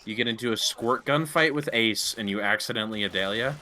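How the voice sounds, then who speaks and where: A young man hosting a gaming video, joking excitedly in casual voice-chat banter. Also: lowish voice, a little fast, faint music behind.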